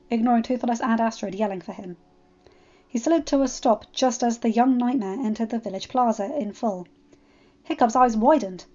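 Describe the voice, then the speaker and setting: Higher-voiced woman reading a story. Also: warm tone. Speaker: fan fiction reader. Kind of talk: storybook narration. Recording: slightly muffled, faint background music.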